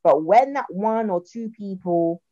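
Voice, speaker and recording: A woman's voice: medium pitch, a little slow, no room sound, dull audio. A young woman with a South London accent chatting casually, telling stories and acting out quoted voices. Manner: animated storyteller, acts out quotes in voices. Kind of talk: casual chat.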